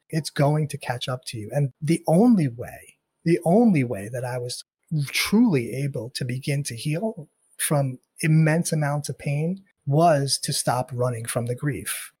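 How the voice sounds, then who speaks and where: Husky middle-aged guy on a podcast, earnest, keeps repeating himself to drive it home, dry close mic. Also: mid-range voice, animated, unhurried, darkish tone, dry recording. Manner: earnest and reflective, repeats phrases for emphasis. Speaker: podcast guest. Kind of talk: candid interview talk.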